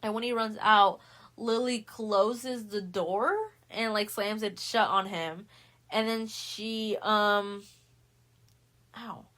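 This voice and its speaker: Young woman, casual podcast host; slangy, profane, animated storyteller who acts out lines. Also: mid-range voice. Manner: animated, acts out characters' lines in quick voices; swears freely, heavy slang. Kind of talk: casual book recap.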